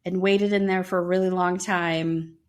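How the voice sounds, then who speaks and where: A woman's voice: fairly low pitch, flat delivery, normal speed. A middle-aged woman, a podcast co-host, telling a personal story in casual talk and acting out the people she quotes.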